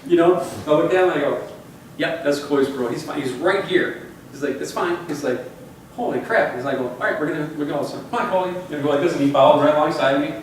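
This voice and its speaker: A man's voice: on the high side, quick pace, a little hiss or hum. A man in his forties giving a motivational talk to his company's staff, rambling and conversational, repeating phrases for emphasis. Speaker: company leader addressing staff. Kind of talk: motivational talk with personal stories. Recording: echoey room, voice far from mic.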